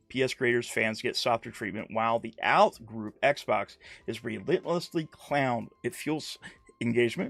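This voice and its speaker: A man's voice: medium pitch, vocal fry, a bit bright, no room sound. A man giving rambling, casual streamed commentary, repeating himself and mocking others in put-on quotes. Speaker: YouTube commentator.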